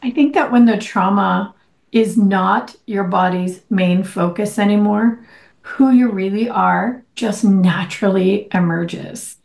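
A woman's voice: mid-range voice, slow, vocal fry, a little mellow. Affirming woman interviewer, encouraging, recorded in a roomy space. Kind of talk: interview questions. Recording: roomy echo.

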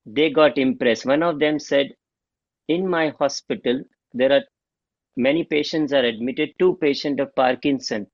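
A middle-aged man, a homeopath guest telling an animated story and acting out the dialogue. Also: medium pitch, a little slow, no echo. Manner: animated, acts out quoted dialogue. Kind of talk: storytelling interview. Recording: dull lo-fi dry sound.

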